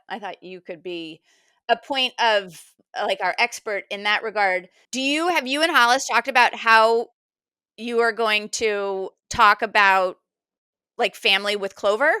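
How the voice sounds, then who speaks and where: A woman hosts a casual podcast chat, tossing in quick asides and plenty of filler words. Her voice is bright and crisp. It sits close and dry on the mic. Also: mid-range voice, no room sound. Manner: chatty, quick asides and frequent "like". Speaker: podcast host.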